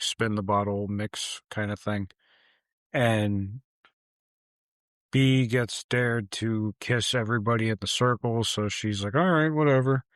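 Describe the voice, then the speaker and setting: A podcast co-host with a lowish, slightly bright voice casually walks through a film's story, voicing the characters' lines as part of a movie recap chat. The audio is dry and studio-clean.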